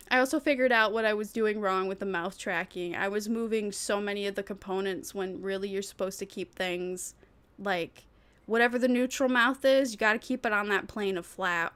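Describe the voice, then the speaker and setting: A woman's voice: mid-range voice, fairly bright tone, clear, resonant tone. A woman VTuber chatting casually on a livestream, rambling and thinking aloud with frequent giggles. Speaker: VTuber streamer.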